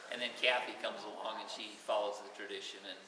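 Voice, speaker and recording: An older man telling stories at his own retirement party, animated and acting out the voices of the people in them. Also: lowish voice, very noisy. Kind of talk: storytelling to a crowd. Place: hall at a party, heard from afar. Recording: roomy hall, voice far from the mic.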